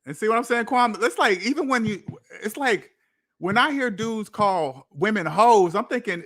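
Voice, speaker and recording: A man's voice: high-pitched, expressive, moderate pace, a bit bright. A man hosting a finance channel, ranting casually, incredulous and repeating lines for emphasis. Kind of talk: casual livestream rant.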